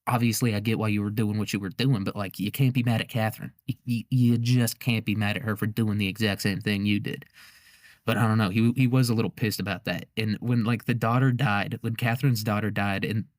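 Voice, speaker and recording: A man with a low voice riffs through history in a loose, rambling way, swearing freely and laughing often. He hosts the show and keeps it casual and comedic. The sound is close and dry. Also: fairly even intonation, brisk, no echo. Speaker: podcast host.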